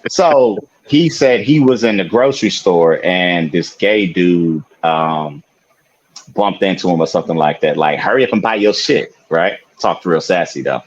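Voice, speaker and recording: A man's voice: low-pitched, unhurried, lo-fi sound. A man co-hosting a podcast, telling a story in casual chat, laughing often and swearing freely. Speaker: podcast co-host.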